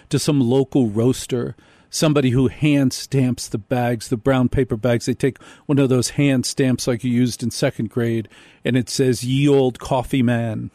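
A male radio host tells a comic story with lively energy, jumping into voices for the people he meets. The studio sound is close and dry, with no room around him. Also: medium pitch, no room sound. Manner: animated storytelling, acts out quoted people. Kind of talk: comedic radio monologue.

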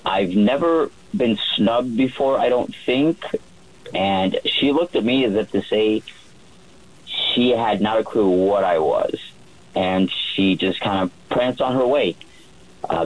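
Guy chef rambling thru a story on the radio, lowish husky voice. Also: darkish tone, low-quality recording. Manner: rambling, lots of fillers and restarts. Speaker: private yacht chef. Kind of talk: telling stories in a radio interview.

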